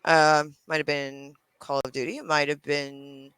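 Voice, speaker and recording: A man's voice: on the high side, measured pace, clear, resonant tone, dry recording, rough recording. A man hosting a casual chat, telling gaming stories with lots of swearing and acted-out quotes. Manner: animated storyteller, swearing, acting out quotes in raised voices. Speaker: podcast host.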